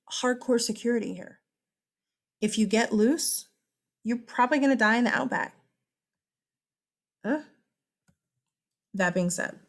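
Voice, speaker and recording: A woman teacher giving a casual classroom lecture, chatty and teasing her students with asides. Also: fairly high pitch.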